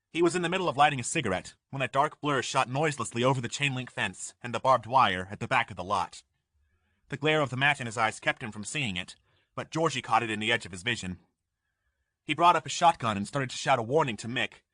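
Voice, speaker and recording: A man narrating an audiobook in measured storytelling, recorded on a studio microphone. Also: mid-range voice, bright, forceful tone, no echo. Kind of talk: scripted narration.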